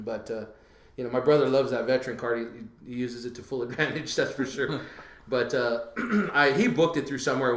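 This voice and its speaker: A man with an average-pitched voice hosting a podcast, wandering through his plans with plenty of "um" and "uh". The sound bounces around an echoey room. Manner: relaxed, rambling, lots of fillers. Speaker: podcast host. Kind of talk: casual podcast chat.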